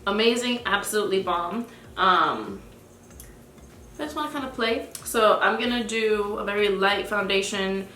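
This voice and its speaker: A woman at home is chatting through her makeup routine in a relaxed, rambling way, full of little fillers and restarts. Her voice sits at an ordinary middle pitch, and it bounces around a roomy, echoey space. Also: slight background noise. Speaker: beauty vlogger. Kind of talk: casual chatty makeup tutorial.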